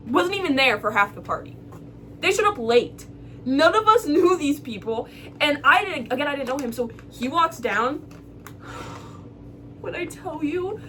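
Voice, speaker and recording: A young woman in a dorm room tells a story in a casual, lively way, her voice rising and falling as she swears and laughs her way through it. Her voice sits a little high, and she is a bit far from the mic, with a faint hum underneath. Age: young adult. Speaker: vlog co-host.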